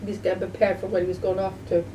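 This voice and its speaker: Rapid-fire and flat, a woman vlogger with a mid-range voice talks casually to the camera like in a home video, rambling, repeating herself and restarting a lot. She's recorded from a distance, with faint noise in the background.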